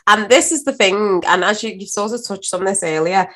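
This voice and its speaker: A woman from the UK talks as a podcast guest in casual conversation. She has a mid-range voice and tells stories with animated energy. Her voice often jumps high when she exclaims. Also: normal speed. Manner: animated storytelling, laughing, rising to high exclaims.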